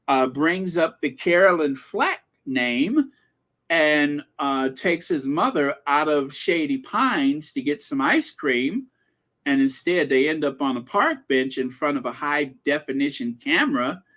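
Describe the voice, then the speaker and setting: A man's voice: a little high, fairly bright tone. A man hosting a gossip commentary video, talking in a sarcastic, indignant way. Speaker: commentary channel host.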